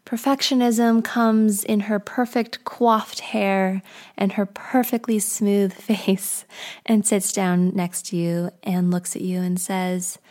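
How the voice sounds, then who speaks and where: A woman hosting a podcast, narrating a guided story in a soft, often half-whispered way. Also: medium pitch. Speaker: podcast host.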